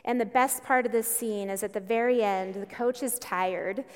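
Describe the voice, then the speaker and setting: A woman's voice: mid-range voice, steady tone, moderate pace, clean tone. A woman pastor preaching a sermon in a conversational storytelling way, with emphatic bursts. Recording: long reverb in a church hall.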